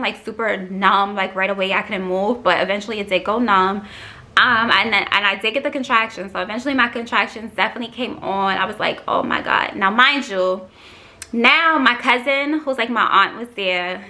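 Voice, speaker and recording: A woman's voice: medium pitch, bright, forceful tone. A young woman, chatting frankly in a casual story-time vlog, with lots of fillers and swearing. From Queens, New York. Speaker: vlogger.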